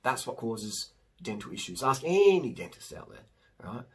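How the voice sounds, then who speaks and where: Husky, emphatic man ranting to camera. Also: mid-range voice, sing-song, normal speed. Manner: emphatic, rambling, slangy. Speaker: vlogger and cyclist. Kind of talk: casual talk to camera.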